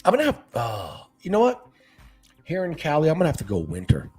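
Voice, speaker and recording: A man who is a guest fishkeeper, chatting casually in an interview with a laid-back, animated manner. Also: fairly high pitch, fairly quick, slightly rough, faint music behind. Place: living in Northern California.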